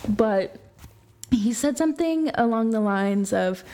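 A young adult woman hosting a solo sports podcast, talking in an animated way with many fillers like "you know" and "like". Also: fairly high pitch, takes it slowly. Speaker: podcast host.

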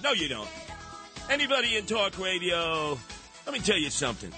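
A man's voice: high-pitched, huge pitch swings, normal speed, over music. A man hosting a talk radio show, ranting in a brash, sarcastic way and mocking people with put-on voices. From New York. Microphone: studio microphone.

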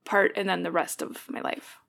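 Woman guest, gravelly texture, thoughtful and reflective delivery in casual conversation. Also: fairly low pitch, steady tone, moderate pace, fairly bright tone. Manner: thoughtful, reflective, explains ideas at length. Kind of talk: casual conversation about faith.

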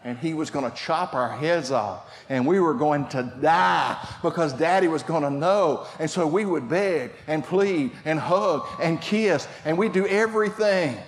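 An older man preaching a sermon, telling family stories and shifting from shouts to quiet asides. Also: on the high side. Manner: storytelling preacher, swings from shouting to hushed. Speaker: pastor.

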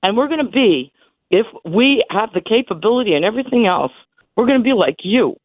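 Over a tinny phone line with no echo, a woman in her sixties calls a radio chat show. Her mid-range voice is fairly quick, with lively intonation, and she grows emphatic and emotional, repeating herself as her voice breaks.

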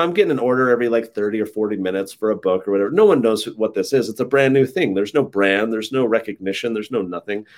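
A man guesting on an interview show, telling stories in a relaxed, casual way with lots of "like" fillers. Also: mid-range voice. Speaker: interview guest, think tank head. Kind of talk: casual conversational storytelling.

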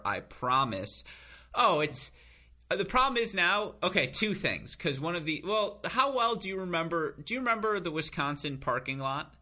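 A man co-hosting a podcast, telling rambling self-mocking stories with bursts of high laughter. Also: sharp tone. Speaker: podcast co-host. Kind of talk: casual chat.

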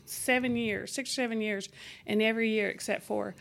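Animated woman teacher telling stories. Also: fairly high pitch, brisk, vocal fry. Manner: animated, acts out quoted exchanges. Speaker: teacher, interview guest. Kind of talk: conversational storytelling.

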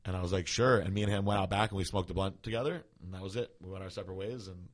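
A man's voice: sits low, fairly even intonation, racing. A man in his forties telling stories in a casual podcast chat, laughing often. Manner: laid-back storyteller who laughs often.

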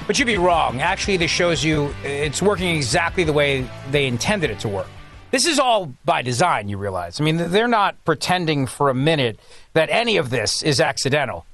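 A man's voice: on the high side, sing-song, moderate pace, fairly bright tone, soft background music. A man filling in as a talk radio host, delivering a sarcastic, mocking political monologue.

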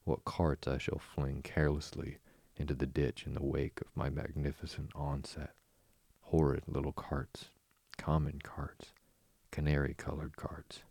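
Man reading as storybook toad, dreamy, boastful, murmuring, very deep, gravelly. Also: little pitch movement, unhurried, warm tone, no room sound, full character voice. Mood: dreamy rapture. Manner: dreamy, rapturous, trailing into murmurs. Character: dreamy, boastful male toad, car-crazed.

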